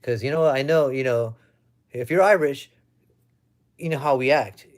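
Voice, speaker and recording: A man's voice: medium pitch, normal speed. A young American man chatting casually on a live stream at home, reading out viewer comments in a loose, chatty way. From United States. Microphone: webcam or phone.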